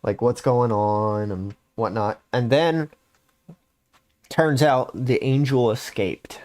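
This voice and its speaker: A man's voice: medium pitch, slow pace, a little mellow. A young adult man casually recounting a game story on a podcast, rambling with lots of fillers. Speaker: podcast host.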